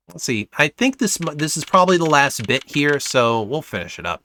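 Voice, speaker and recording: Casual male streamer, thinking aloud, lively pitch, faint music under. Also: brisk, few pauses. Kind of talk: casual game commentary.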